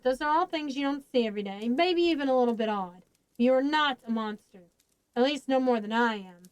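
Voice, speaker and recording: A woman's voice: on the high side, clean tone, no echo, close to an everyday voice, rough recording. A woman voicing a weary, blunt grown man in a storybook reading, talking plainly.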